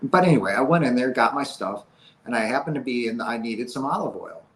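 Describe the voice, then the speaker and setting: With a brisk pace and lively, fairly bright mid-range voice, a man recounts something that happened to him as a guest, dropping "like" and "right?" often. There's a roomy feel and a faint background ambience.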